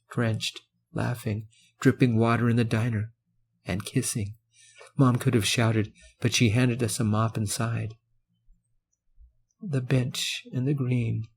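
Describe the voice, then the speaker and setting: Low, even male audiobook narrator. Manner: measured, earnest storytelling. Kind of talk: first-person audiobook narration.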